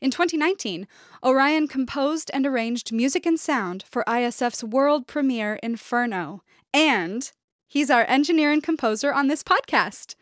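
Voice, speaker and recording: A woman hosting a podcast, reading sponsor credits and introductions in a clear, measured manner. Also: sits high, no echo, studio quality. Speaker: podcast host and artistic director. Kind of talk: scripted host announcements.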